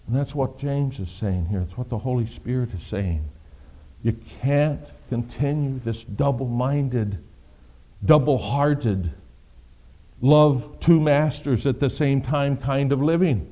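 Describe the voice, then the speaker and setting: A middle-aged man preaching a sermon as pastor, swinging from quiet, low passages to loud, emphatic ones. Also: takes it slowly.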